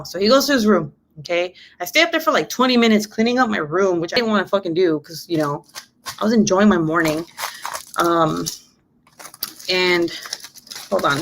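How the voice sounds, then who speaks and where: A woman's voice: mid-range voice, a little hiss or hum. A young woman, a mother of three, casually telling a story to her viewers. She swears freely, laughs often and acts out what people said. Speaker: vlogger, mother of three boys.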